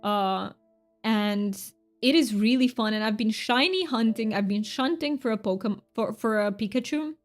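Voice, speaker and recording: A woman's voice: on the high side, a little fast, hardly any pauses, faint music behind. A woman streamer in casual live chat with her viewers, chatty and rambling, often correcting herself mid-sentence.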